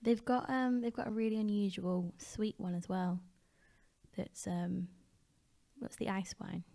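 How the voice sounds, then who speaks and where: A woman co-hosting a travel podcast, recalling details casually with many fillers and pauses. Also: mid-range voice, steady tone, creaky, dark tone. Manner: easygoing, hesitant recollection with many fillers. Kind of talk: casual conversational storytelling.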